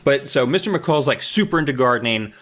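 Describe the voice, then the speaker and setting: A man's voice: mid-range voice, expressive, fairly quick, a bit bright. A man co-hosting a podcast, recapping a book in casual, rambling, jokey chat with some swearing. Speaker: podcast co-host.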